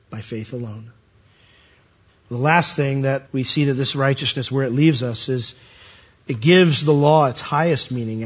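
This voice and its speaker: A man preaching a sermon, animated and rising to high emphatic peaks as he quotes scripture. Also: breathy edge, highs cut off.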